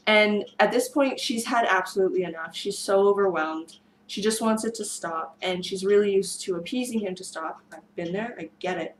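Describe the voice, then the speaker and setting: A woman vlogger tells a rambling storytime about a tense street incident, full of fillers and restarts. Her mid-range voice is strained and fading from screaming earlier, with fairly even intonation and a moderate pace. The rough recording carries a little hiss or hum.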